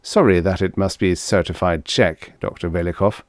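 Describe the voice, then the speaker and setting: A man voicing a brisk, confident businessman who talks cheerfully and assuredly. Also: low-pitched, fairly even intonation, no echo, studio quality, close to an everyday voice.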